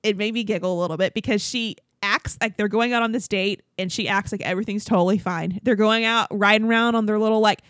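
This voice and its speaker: A young woman hosting a podcast in casual chat, animated and laughing often. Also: mid-range voice, quick pace, few pauses, dry recording, studio quality. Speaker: podcast host.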